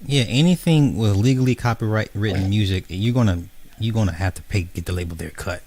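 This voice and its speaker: A man's voice: on the low side, brisk, darkish tone, dry recording. A man who is a guest on a casual chat and makes emphatic remarks that agree with the host. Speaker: podcast guest.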